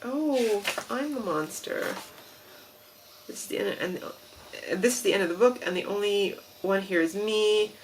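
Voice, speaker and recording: A woman's voice: medium pitch, unhurried, a little hiss or hum, close to an everyday voice, poor audio. A woman voicing a nervous furry male monster from a storybook, reading his lines in a frantic, fretful way. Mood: sheepish. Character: anxious furry male monster, panicky and excitable.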